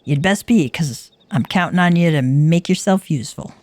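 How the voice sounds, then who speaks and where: A woman voicing a brisk, dutiful young naval lieutenant in a video game, formal and self-assured. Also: deep voice, darkish tone, no room sound.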